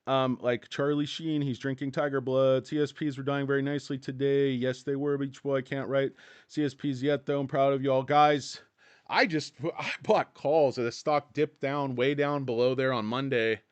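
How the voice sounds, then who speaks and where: A man's voice: mid-range voice, level tone, moderate pace, clean tone, dry recording. A man hosting a casual stock livestream from his office, rambling and joking with some profanity, his mouth dry and his voice cracking. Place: hot indoor office.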